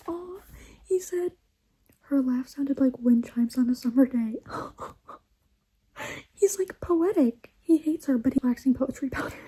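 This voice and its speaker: A woman's voice: high-pitched, dark tone, husky, low-quality recording. A young woman chatting in a reading vlog, gushing and laughing often, sometimes dropping into whispers. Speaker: book vlogger. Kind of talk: casual reading vlog chat.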